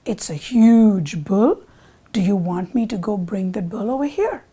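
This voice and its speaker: A woman's voice: mid-range voice, lively intonation, a little slow, dark tone, slightly rough. A woman voicing a sly male jackal courtier, persuasive and wheedling, in a told folk tale. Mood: scheming.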